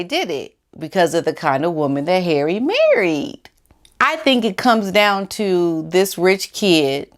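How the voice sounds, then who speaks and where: A woman with a lowish voice and talks bluntly and with sass. She gives her opinions in a vlog, casual and outspoken. She jumps higher when she mocks other people. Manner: blunt, sassy, voice jumping high in mock quotes. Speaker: vlogger.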